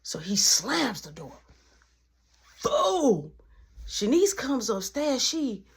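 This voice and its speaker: A woman telling a casual storytime, animated and acting out every line of dialogue. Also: a little high, measured pace, vocal fry, husky.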